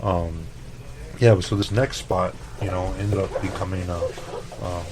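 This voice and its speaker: A man from El Paso, a chef, telling stories in a loose, profane, animated way on a podcast. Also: deep voice, unhurried, background noise. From El Paso, Texas. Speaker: chef, interview guest. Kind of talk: casual storytelling.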